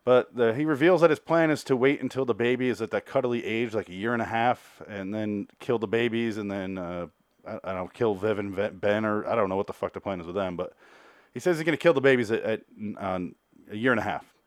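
A man's voice: lowish voice, fairly quick, no room sound, studio quality. A man hosting a solo review podcast, recapping an episode in a rambling, profane, chatty way. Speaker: podcast host reviewing a TV series.

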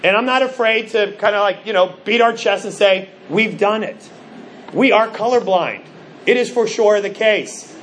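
A middle-aged male pastor preaching a sermon, telling stories with animated, acted-out quotes. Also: high-pitched, moderate pace, a little hiss or hum. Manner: animated storytelling, acts out quoted voices.

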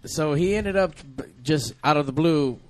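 A man's voice: on the high side, moderate pace. A man hosting a casual chat, joking bluntly and swearing.

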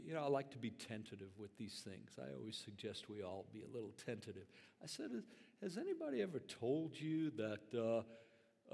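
A man's voice: medium pitch, a little mellow. An older man, a grandfather and pastor, telling a story in a conversational, earnest sermon full of fillers. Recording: long hall reverb.

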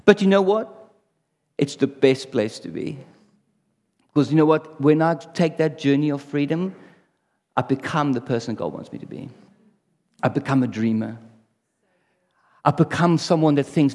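A man's voice: on the high side, lively intonation, normal speed, pauses often, a little mellow. A man preaching a sermon in a conversational way, often asking the audience rhetorical questions. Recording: long reverb in a hall.

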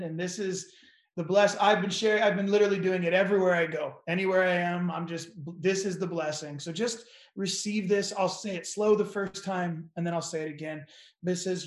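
A man guest on a faith-based podcast, speaking emphatically and slowing down for solemn lines of a blessing. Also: sits high, fairly even intonation, reverberant.

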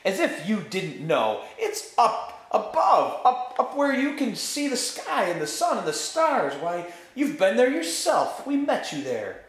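A man's voice: sits high, wildly swooping pitch, measured pace, hardly any pauses, voice pushed up, heavily acted. A man voicing an impatient schoolboy fighting a spell, insistent and exasperated, in a roomy space.

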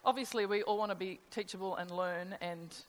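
A woman's voice: medium pitch, fairly even intonation, brisk. A middle-aged woman preaching a sermon in a conversational way, asking her listeners rhetorical questions. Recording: long hall reverb.

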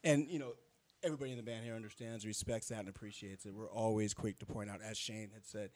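A band member chatting in an interview, telling stories with lots of restarts. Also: male voice, lowish voice, fairly even intonation, fast, a little mellow. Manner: rambling storyteller with restarts. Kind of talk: casual interview talk.

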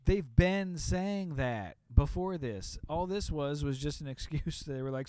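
A man's voice: on the high side, unhurried, few pauses, warm tone, clear, resonant tone, no echo. A man co-hosting a podcast, chatting casually with hesitant, self-deprecating restarts. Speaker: podcast co-host. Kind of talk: casual chat.

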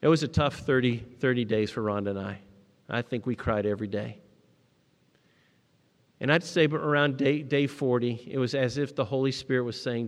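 Middle-aged guy preaching, storytelling, goes loud then soft, echo of a big hall. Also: mid-range voice, moderate pace. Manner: storytelling, rising to emphatic peaks and dropping to quiet moments. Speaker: pastor. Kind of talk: sermon.

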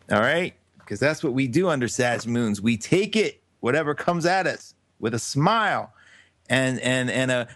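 A man hosting a live call-in radio show, chatty and effusive, breaking into quick laughs. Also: medium pitch, dry recording.

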